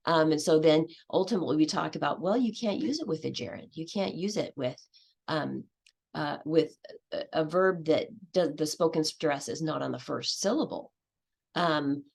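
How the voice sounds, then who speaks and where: A woman's voice: low voice, normal speed, gravelly, a little mellow, breathy edge. A woman giving a conference presentation on teaching, explaining step by step and acting out what her students say. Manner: explanatory, acts out student voices.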